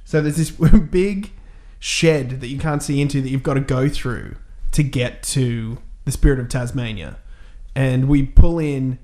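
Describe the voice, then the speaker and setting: A man's voice: mid-range voice, unhurried, dark tone. A man, casually telling a funny story and laughing along. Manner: laid-back, laughing anecdote-teller. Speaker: guest.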